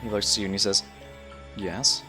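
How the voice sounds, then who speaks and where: A man's voice: sits low, steady tone, fast talker, over music. A man narrating a tabletop game as game master, describing the scene in a loose, casual way.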